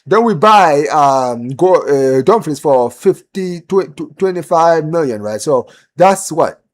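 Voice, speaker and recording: A man's voice: fairly high pitch, a little slow. A young man hosting a football live stream, ranting in casual chat, repeating himself and calling the audience "bro". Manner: animated, repeats himself, lots of "bro" and "man", rising when heated.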